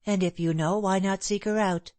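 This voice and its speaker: A woman's voice: medium pitch, steady tone, moderate pace, a little mellow, no room sound, close to an everyday voice. Olga, a woman reading as a scheming lover. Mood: guarded. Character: scheming lovesick young woman, bold and possessive.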